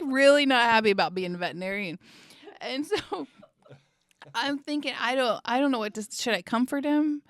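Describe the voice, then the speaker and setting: A woman missionary guest telling a funny story in an interview, animated and laughing as she talks. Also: a little high, moderate pace, dry recording.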